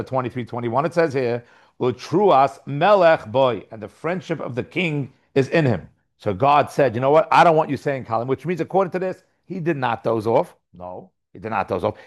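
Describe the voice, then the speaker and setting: A man giving a Talmud class lecture, explaining lively, posing and answering his own questions and reading passages aloud. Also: medium pitch. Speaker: Talmud teacher.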